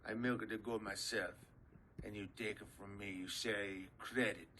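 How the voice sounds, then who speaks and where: A man's voice: on the low side, steady tone, a little slow, pushed and bright, slight background noise. A man playing a menacing male gang lord who speaks broken English sprinkled with Spanish words, in a comedy sketch. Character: stern male goat-milking gang lord.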